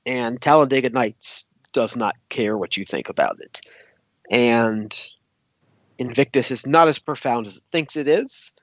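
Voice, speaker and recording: A man chats on a podcast through a video call, deadpan and measured with dry jokes. His mid-pitched voice comes through a dull, lo-fi line without any room sound. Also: dry recording. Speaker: podcast co-host. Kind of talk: casual podcast chat.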